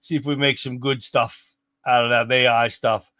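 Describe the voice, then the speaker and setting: A man's voice: mid-range voice, flat delivery, normal speed, sharp tone, dry recording. A man hosting a livestream, chatting in a folksy, exclaiming way as he reacts to clips and talks to viewers. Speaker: livestream host. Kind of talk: casual livestream commentary on clips.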